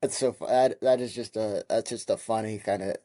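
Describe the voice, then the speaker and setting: Heated profane young man, mellow voice. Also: lowish voice, a little fast, dry recording. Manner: heated, profane, animated retelling. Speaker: podcast host. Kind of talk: casual storytelling monologue.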